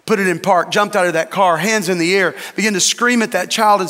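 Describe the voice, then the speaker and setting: A man's voice: high voice, fast talker, hardly any pauses, sharp tone, in a large hall. A man, a lead pastor, preaching a sermon with emphatic, dramatic repetition.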